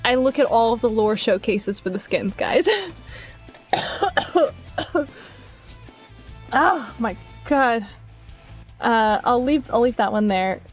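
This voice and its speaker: A young woman streaming live, chatting casually to her viewers, giggly and gushing, swearing now and then while she thinks out loud. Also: on the high side, expressive, slow, pauses often, soft background music. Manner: thinks aloud while searching on her computer. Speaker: art streamer.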